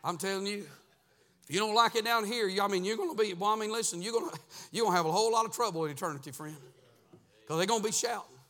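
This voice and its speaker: Male pastor, very high voice, bright tone, chanting sermon cadence, hushed to shouting, church. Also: fast. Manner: sing-song preaching cadence, swings from hushed to shouting. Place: church sanctuary.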